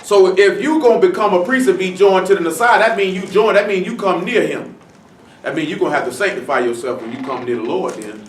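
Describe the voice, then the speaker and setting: A high-pitched man preaches a Bible-study sermon in a congregation meeting room, blunt and casual, full of slang and rhetorical questions. He slows down to stress the scripture he reads, and the distant mic gives an echoey room sound.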